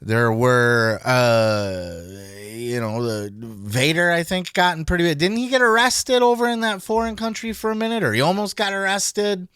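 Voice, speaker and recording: A man hosting a wrestling podcast, talking in a blunt, animated way and swearing a lot. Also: a little high, moderate pace, few pauses, smooth, no echo, clean studio sound. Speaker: podcast host. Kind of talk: casual profane commentary.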